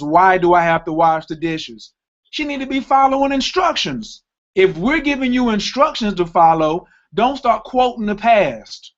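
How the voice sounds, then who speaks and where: A man's voice: high-pitched, muffled recording. A man hosting a talk radio show, talking emphatically and cutting in with repeated interjections.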